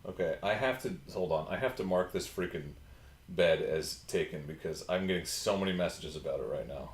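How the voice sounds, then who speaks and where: A man's voice: low-pitched, a little fast, roomy sound. A man hosting a casual livestream, chatting and answering viewer comments from his home computer. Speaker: livestream host.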